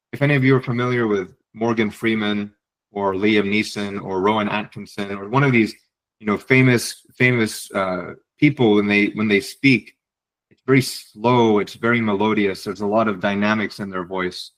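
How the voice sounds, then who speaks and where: Guy doing a webinar talk, direct and encouraging, mid pitch, repeats himself a bit, video call mic. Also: fairly bright tone, poor audio. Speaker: webinar presenter, psychiatry fellow. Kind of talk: advice lecture on writing.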